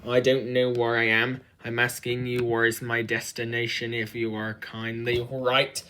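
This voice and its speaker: A text-to-speech voice voicing a confused, indignant taxi passenger in a cartoon, protesting in flat, measured words. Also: medium pitch, a little hiss or hum, close to an everyday voice. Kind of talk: cartoon animation voice.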